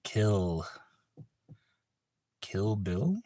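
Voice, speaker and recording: A man's voice: fairly low pitch, very animated, extremely slow, dark tone, no room sound. A man hosting a livestream in casual chat, laid-back, rambling and profane. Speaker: livestream host.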